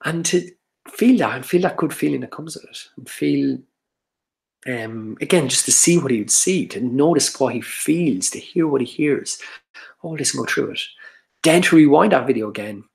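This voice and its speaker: A man's voice: medium pitch, expressive, moderate pace, creaky. A man giving an earnest, explanatory workshop talk on social anxiety, often restarting his sentences.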